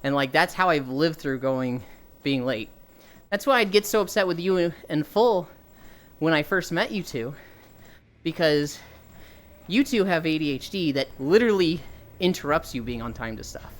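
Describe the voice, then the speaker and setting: Lively young woman streamer. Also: sits low, moderate pace. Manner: animated storytelling, swears freely, reads chat aloud. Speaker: livestreamer. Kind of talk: casual chat while walking.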